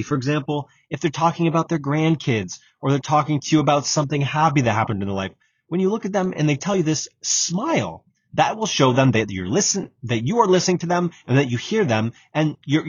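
A man's voice: fairly high pitch, no echo. A man hosting a solo podcast, giving direct coaching advice and repeating key points. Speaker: exam prep podcast host. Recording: dull lo-fi audio with clear background noise.

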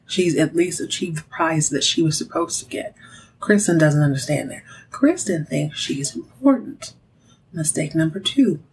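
A woman with a slightly low voice recaps a soap episode in casual chat. She tells it with sass and animation and keeps turning to address her listeners directly. A faint rumble sits under her voice. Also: rough recording. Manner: sassy, animated storytelling with direct asides to listeners. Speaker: podcast host.

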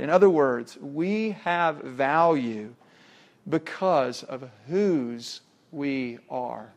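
Preacher, male, somewhat high voice, emphatic sermon with rhetorical questions. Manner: emphatic, rhetorical questions, swings from loud to hushed.

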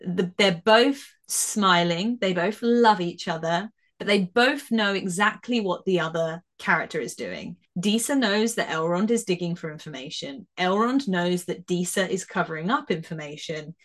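A woman co-hosting a podcast talks at normal speed with few pauses, her pitch fairly low. She discusses a TV episode in a lively, casual way, laughs readily, and keeps abandoning sentences to restart them.

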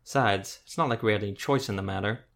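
A laid-back male tracker with a rough, folksy way of talking as a male narrator puts him on. He sounds easygoing and unbothered. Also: fairly low pitch, quick pace, a bit bright. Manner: casual, folksy grammar.

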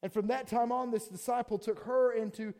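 A man preaching a sermon to a congregation in a casual, animated way, acting out quick voices of people. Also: very high voice. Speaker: pastor.

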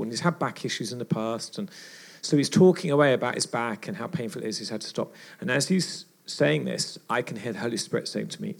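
A gravelly man preaching at a church retreat. He tells stories in an animated way and acts out other people's lines as he goes. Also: medium pitch, fairly quick. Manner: animated storyteller acting out dialogue. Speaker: retreat speaker. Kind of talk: storytelling sermon.

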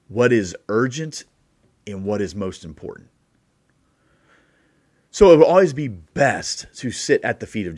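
A man hosting a podcast, giving a casual devotional talk with animated bursts and quiet asides. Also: lowish voice, no room sound, clean studio sound. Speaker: podcast host and preacher.

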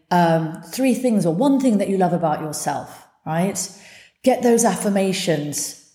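A woman hosts her own podcast in a heartfelt, earnest monologue, dropping swear words without a second thought. Her voice sits low and mellow, never bright. The sound carries the echo of a bare room around it. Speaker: podcast host. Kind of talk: candid solo podcast talk.

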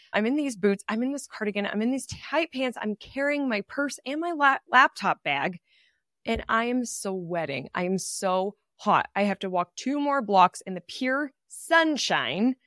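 A woman in her thirties hosts her own podcast and tells a personal business story. She sounds candid and animated and voices her own past thoughts as she goes. Her pitch sits in the middle, and the close mic picks her up dry, with no room around her. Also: no echo. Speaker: podcast host and business owner.

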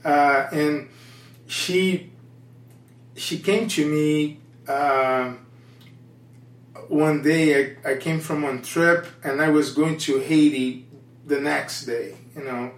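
A Brazilian-accented man, a Portuguese speaker using English, tells a personal testimony in a candid, earnest way, often restarting his phrases. His voice sits a bit high for a man, and he speaks slowly. The sound is roomy and echoey, picked up from some distance off the mic. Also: fairly even intonation. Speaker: missionary guest.

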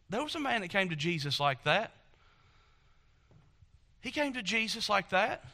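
A man's voice: high voice, sing-song, normal speed, pauses often, bright, forceful tone. A man preaching a sermon, impassioned and repetitive, acting out quotes from the people he talks about.

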